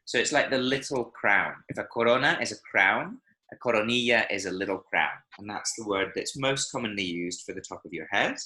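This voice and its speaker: Male language teacher, bright tone, checks in with students often. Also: fairly low pitch, brisk, low-quality recording. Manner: patient, explains and checks understanding. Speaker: Spanish teacher. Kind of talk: online language lesson. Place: online class, speaking from Medellín. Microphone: video call.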